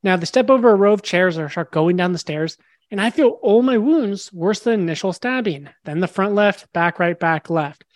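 A man's voice: high-pitched, animated, normal speed, no room sound. A young man, a podcast guest, tells a story animatedly and acts out the dialogue. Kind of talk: storytelling in a casual interview.

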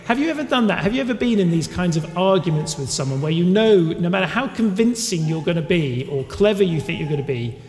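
A man with a slightly high, darkish voice preaches a sermon conversationally, putting questions to his listeners. The recording sounds like an echoey hall with a long reverb.

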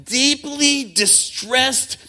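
A male pastor preaching a sermon, rhythmic and impassioned, with fast runs, slow drawn-out emphasis and calls to the congregation. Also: very high-pitched, pushed and bright, low-quality recording. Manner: swings from quick talk to slow, drawn-out emphasis.

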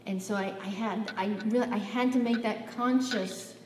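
A woman's voice: medium pitch, steady tone, moderate pace, noisy background. A woman preaching a sermon, telling a personal story and acting out the dialogue, rising to emphatic peaks. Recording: echoey hall, voice from far off, faint ambience.

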